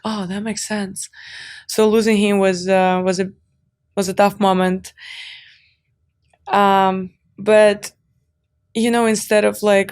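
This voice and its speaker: A young woman speaks with a smooth, clear tone that stays fairly level in pitch. She answers earnestly and openly, working through her thoughts with frequent fillers as an interview guest. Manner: earnest, open, many fillers. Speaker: guest, tennis champion. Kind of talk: podcast interview.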